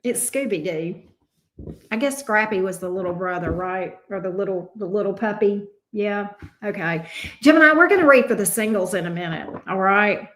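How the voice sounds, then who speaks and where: A woman's voice: mid-range voice, a little fast, a bit bright. A woman giving a live tarot reading, chatting with viewers in an exclamatory, teasing way and swearing casually. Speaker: tarot reader. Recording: echoey room.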